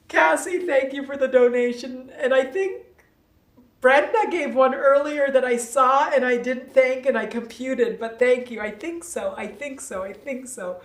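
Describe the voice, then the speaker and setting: A woman's voice: a little high, unhurried. A woman hosting a casual livestream, laughing often and reading out viewer comments. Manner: chatty, laughing, reads viewer comments aloud. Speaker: livestream host. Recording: echoey room, distant mic.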